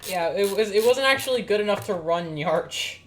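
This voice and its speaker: A woman's voice: mid-range voice, lively intonation, normal speed, slight background noise. A woman streaming casually who mutters and swears to herself while setting up hardware. She is ill with COVID. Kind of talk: casual livestream chat.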